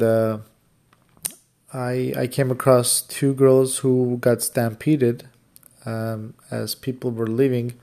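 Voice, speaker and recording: Male podcast host, medium pitch, relaxed dark tone, rambling storyteller delivery. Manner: rambling, loosely chained retelling with many asides. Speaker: podcast host, rideshare driver. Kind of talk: casual storytelling monologue.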